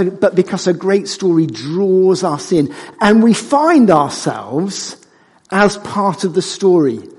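A husky-voiced man preaching to his congregation, his tone high and swinging widely as he jokes and teases. His voice rings out with a long reverb through a church hall. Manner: animated and conversational, jokes with the congregation. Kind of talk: sermon.

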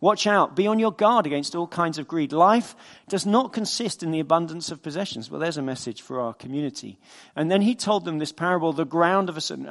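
Guy giving a chatty sermon, kinda high voice, keeps asking the crowd stuff. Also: big-room sound. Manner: conversational, asks the congregation questions, acts out quoted voices. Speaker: preacher.

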